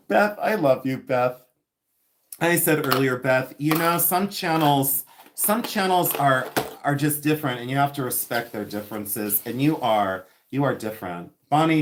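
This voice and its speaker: Over slight background noise, a fairly high-pitched male voice carries a casual live chat. He's an Ohio man in his fifties selling vintage jewelry on a livestream, chatty and rambling, with frequent laughter.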